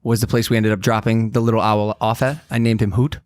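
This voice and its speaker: A man's voice: on the low side, quick pace, no echo, clean studio sound. A young man in his twenties hosting a podcast, telling a story in casual chat and acting out quotes in a raised voice. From United States. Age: 20s. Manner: animated, acts out quotes in a raised voice. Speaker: podcast host.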